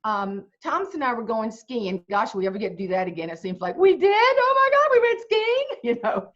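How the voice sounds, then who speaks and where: A woman's voice: on the high side, brisk. A middle-aged woman with a Southern accent, a humorist telling folksy comic stories as a guest on a video chat. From South Carolina. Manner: folksy, animated, comic storyteller. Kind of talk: storytelling chat. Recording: muffled lo-fi video call audio.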